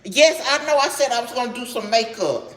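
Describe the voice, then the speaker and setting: A woman's voice: a little high, lively intonation, brisk, a bit bright, a little hiss or hum. A Southern woman, older, chatting casually with her livestream viewers while doing house chores, greeting them by name in a folksy way. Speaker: livestream host. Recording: echoey kitchen with running water.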